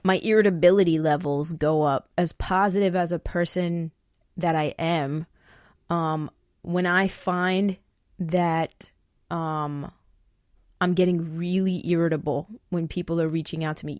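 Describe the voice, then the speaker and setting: A woman talks straight into a close microphone, her voice on the low side and dry with no room sound. She gives listeners frank advice and swears freely. When she gets fired up, she repeats words. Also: a little mellow, no room sound. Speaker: podcast host answering listener questions. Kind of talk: casual advice talk.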